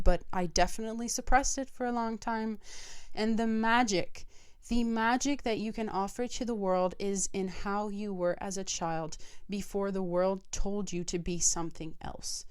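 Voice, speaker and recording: A woman's voice: mid-range voice, steady tone, normal speed, a little mellow, smooth. Candid, swearing young woman podcaster. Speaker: podcast host. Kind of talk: personal monologue.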